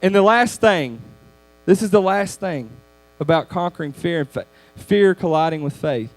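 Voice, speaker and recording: A man giving a youth sermon lesson, in a conversational, animated storytelling manner. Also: high voice, moderate pace, no echo. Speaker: youth speaker.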